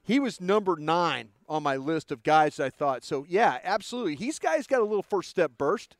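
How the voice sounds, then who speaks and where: A man co-hosting a sports talk show, telling stories in a lively way and often repeating words as he starts over. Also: a little high, moderate pace, dry recording, clean studio sound. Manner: animated storyteller who stammers and repeats words. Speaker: sports radio co-host.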